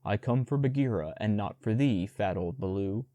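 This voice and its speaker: A man's voice: on the low side, animated, normal speed, mellow, no echo, close to an everyday voice. A man voicing a cheeky, boastful young boy raised in the jungle, speaking in a sulky, showing-off way for a storybook audiobook.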